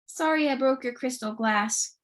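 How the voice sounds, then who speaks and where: A woman's voice: high voice, normal speed, close to an everyday voice. A woman voicing a chatty, clumsy little girl who talks earnestly and eagerly. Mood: sheepish.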